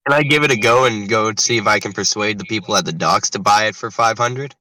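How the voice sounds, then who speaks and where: A man playing a tabletop game, eager and excitable, narrating his character's actions. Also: fairly low pitch, fast talker, dry recording, rough recording. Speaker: player. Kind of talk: casual tabletop game chat.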